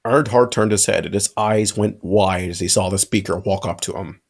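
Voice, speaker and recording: A man's voice: sits low, moderate pace, vocal fry. A man narrating a fanfic aloud with friends, in a casual reading with occasional slips.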